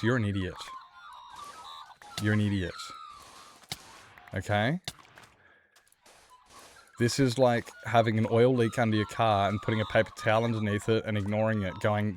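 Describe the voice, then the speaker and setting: A man's voice: fairly low pitch, slight background noise. A man streaming a game and ranting heatedly about car mechanics, swearing often. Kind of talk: casual rant while gaming.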